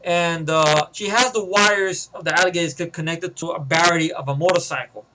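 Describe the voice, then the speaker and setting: High-voiced man rambling a story. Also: fairly even intonation, fairly quick, bright, forceful tone, poor audio. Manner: rambling, casual slang, swearing. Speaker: vlogger. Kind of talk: rambling movie pitch.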